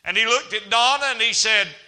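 Male evangelist, very high bright voice, folksy sermon delivery, church hall reverb. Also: a little fast. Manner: folksy preaching with humor and rising emphasis. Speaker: evangelist preacher.

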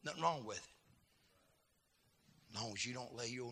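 A man preaching a fiery sermon, calling out to the congregation and swinging from hushed asides to shouting. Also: medium pitch, moderate pace, very noisy.

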